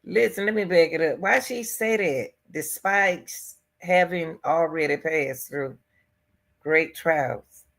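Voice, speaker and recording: This host's voice is low-pitched, and she takes things slowly on her commentary stream. Covering a news case casually, she stays emphatic, repeats phrases and talks right to her viewers.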